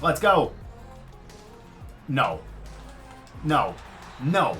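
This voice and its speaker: A man giving live commentary over his own football video game, swinging from muttered frustration to loud excitement. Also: medium pitch, very slow, faint music behind. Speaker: gaming commentator.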